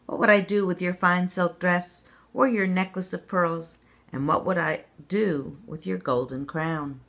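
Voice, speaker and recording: A woman's voice: fairly low pitch, steady tone, a little slow, fairly bright tone. A woman voicing an ugly little male frog who bargains earnestly in a children's read-aloud. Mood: bargaining.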